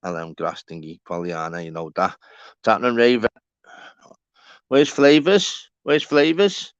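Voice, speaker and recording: A Scouse streamer from Walton, Liverpool, England, chats casually to viewers at a measured pace, rambling and matey, swearing a lot and calling people by name. His lowish voice is clear and resonant, though the lo-fi sound is dull and dry with no echo.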